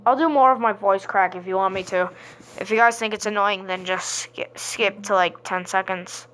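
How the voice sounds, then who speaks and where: A young woman playing a game and chatting casually to her viewers, playful, sometimes singing with deliberate voice cracks. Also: medium pitch, a bit bright. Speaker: gaming vlogger. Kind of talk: casual gaming commentary.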